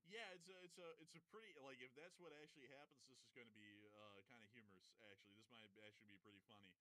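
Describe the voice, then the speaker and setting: A man's voice: mid-range voice, rapid-fire, dry recording, low-quality recording. A man hosting a news livestream in casual commentary, joking around between news items. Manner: jokey, puts on loud silly voices for gags.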